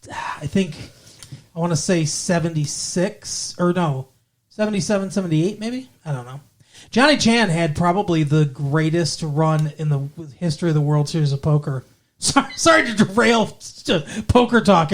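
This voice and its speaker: Brief: male podcast co-host, chatty and digressive, trails off and self-corrects. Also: a little high. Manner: rambling, digressive, corrects himself mid-sentence. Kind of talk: casual movie podcast chat.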